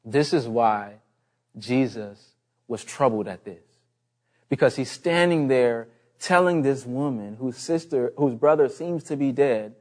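A man's voice: mid-range voice, a little slow. A man preaching a sermon in an earnest, emphatic way, repeating his key phrases.

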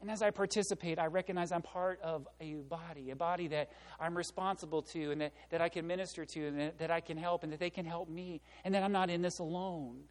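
A man preaching a sermon as pastor, animated and asking his listeners rhetorical questions. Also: a little high, quick pace, few pauses. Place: church sanctuary. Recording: long reverb of a church hall.

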